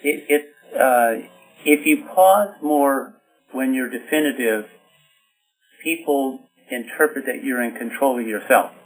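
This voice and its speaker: Interviewed as an author and communication expert, a man explains his ideas instructively, speaking in bottom lines and demonstrating points by example. His mid-range voice is a little slow, and the rough recording has faint music behind it.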